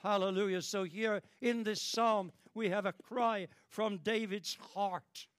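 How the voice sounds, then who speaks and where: Older british man, preacher, fervent sermon, high voice, slow delivery, dry sound. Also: fairly even intonation, no room sound. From Britain. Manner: fervent, repetitive, dramatic rises in pitch and volume.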